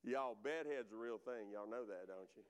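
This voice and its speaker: A man's voice: lowish voice, moderate pace. A man preaching a sermon, talking conversationally to the congregation and repeating phrases for emphasis. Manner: addresses congregation and online viewers directly. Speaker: pastor.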